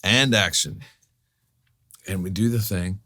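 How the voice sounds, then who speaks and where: A middle-aged man telling a lively, profane anecdote as a podcast guest. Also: low-pitched. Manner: profane, lively storyteller, quick asides.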